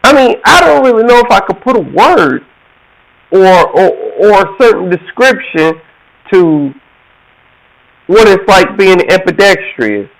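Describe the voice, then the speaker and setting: Man in his forties, high lively voice, slow storytelling, laughs a lot. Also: vocal fry, low-quality recording. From Georgia, USA. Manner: animated, laughs often, acts out quoted voices. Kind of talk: casual storytelling monologue.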